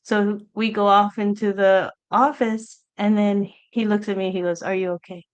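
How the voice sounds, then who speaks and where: Brief: unhurried woman guest, earnest and halting, personal testimony. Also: mid-range voice, level tone, smooth, highs cut off. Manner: halting, earnest, reenacts past talk in quotes. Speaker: guest sharing her story. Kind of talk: personal testimony on a live talk show.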